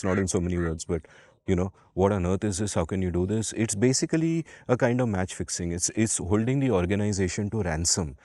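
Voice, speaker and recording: A podcast co-host, a man with a fairly low voice. He tells stories in a lively, emphatic way and swears now and then to drive a point home. The sound is dry and close to the mic. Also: no echo. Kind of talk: casual conversational storytelling.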